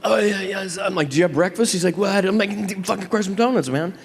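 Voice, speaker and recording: A middle-aged man telling a story on a convention stage, animated and profane, acting out both sides of the exchange. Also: high voice, fast, slightly rough. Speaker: convention panel guest. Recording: hall reverb from a convention stage.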